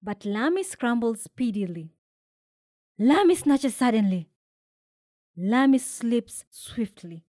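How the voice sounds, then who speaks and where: A woman from Kenya reads a children's story aloud in a slow, deliberate way. Her voice sits fairly high and swings widely, jumping up for the characters' shouts. The recording is close and dry. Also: lively intonation, no room sound. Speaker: storybook reader. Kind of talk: expressive read-aloud storytelling.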